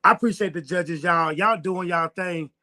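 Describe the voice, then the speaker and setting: A man's voice: high voice, normal speed, sharp tone. A man hosting a live poetry slam, addressing the crowd in an upbeat way. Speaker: host. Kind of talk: hyping a live show.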